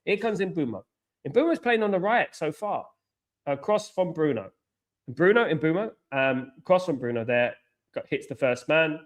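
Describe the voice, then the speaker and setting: Young bloke reacting live to a footy match, chatting to viewers, gets loud and fired up. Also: male voice, a little high, normal speed. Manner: excitable, swings from groaning to shouting at the match. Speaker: fan watchalong host. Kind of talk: live football watchalong commentary.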